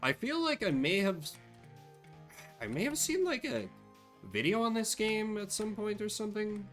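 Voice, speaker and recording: Lively, bright-voiced man streaming a game. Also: high-pitched, normal speed, faint music behind. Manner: wry, dry asides while reading game text. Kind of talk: casual game commentary.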